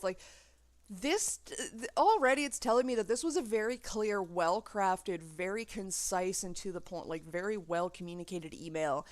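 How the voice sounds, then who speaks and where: A woman gives casual reaction commentary, indignant and heavy on profanity as she rants. Her voice sits at a middle pitch. It is recorded dry, with almost no room sound. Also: normal speed, dry recording. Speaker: reaction video creator.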